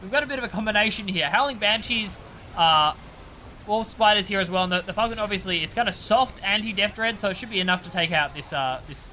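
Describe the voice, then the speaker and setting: A man co-commentating a strategy video game in an easygoing, casual way, quick to laugh. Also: high-pitched, bright, forceful tone, slight background noise.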